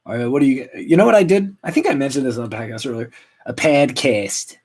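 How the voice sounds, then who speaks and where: A man in his late thirties talks through a solo comedy podcast, rambling and self-mocking. His delivery is deadpan, but his pitch swings widely from line to line. It is a mid-pitched voice with nothing unusual in its tone. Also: very fast, slightly rough. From Canada. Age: 30s. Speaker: podcast host. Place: at home.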